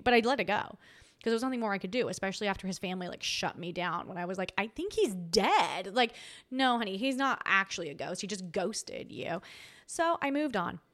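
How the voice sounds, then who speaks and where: A woman hosting a podcast, telling a personal story in an animated, dramatic way and acting out quoted voices. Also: medium pitch. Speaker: podcast host. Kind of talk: casual storytelling.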